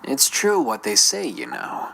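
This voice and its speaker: Man, scary story narration, gravelly, bright tone, animated pitch, dramatic whispers. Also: measured pace, soft background music, rough recording. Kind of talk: scripted horror story narration.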